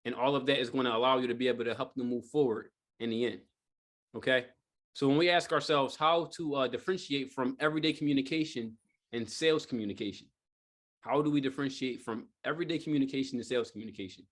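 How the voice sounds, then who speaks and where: A man runs a live sales training session for a group in a training room, talking fast in a mid-range voice. His style is loose and meandering, packed with fillers and frequent rhetorical "right?"s.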